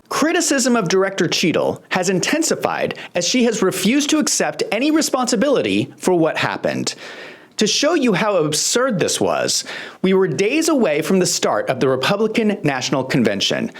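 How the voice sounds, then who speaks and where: Host for scripted commentary: indignant, sarcastic, big pitch swings. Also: wildly swooping pitch, normal speed.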